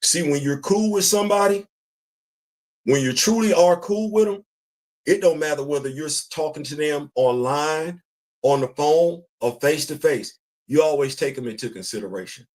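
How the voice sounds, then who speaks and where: A man's voice: fairly high pitch, moderate pace, darkish tone. A man hosting a casual commentary show, talking bluntly and emphatically, repeating his points. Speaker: podcast host.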